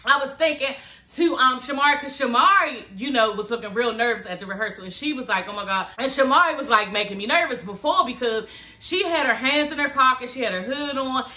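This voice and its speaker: A woman in her thirties talks straight to camera in a relaxed vlog, frank and chatty with plenty of swearing. Her voice sits a little high and sounds very bright. The room around her has a noticeable echo. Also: brisk, slight background noise. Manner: chatty, frank and profane, calls viewers honey and girl. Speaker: TV show reviewer. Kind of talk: casual vlog chat.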